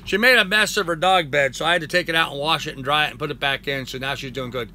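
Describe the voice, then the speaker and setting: A man's voice: a little high, quick pace, sharp tone, a little hiss or hum. An older man hosting a casual live chat from home. He rambles, thanks viewers by name and coos at his dog. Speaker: live-stream host.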